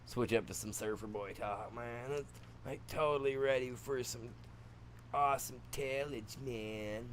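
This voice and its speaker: A man's voice: mid-range voice, a little slow, a bit bright, slight background noise, close to an everyday voice. A man voicing a laid-back young surfer dude who drawls in surfer slang. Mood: mellow, goofy.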